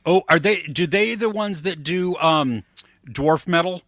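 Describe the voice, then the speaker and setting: Brief: excitable male co-host, bright edgy tone, dry mic. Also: on the high side, measured pace, no echo. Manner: excitable, rambling tangents with laughter. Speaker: podcast co-host. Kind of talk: casual chat.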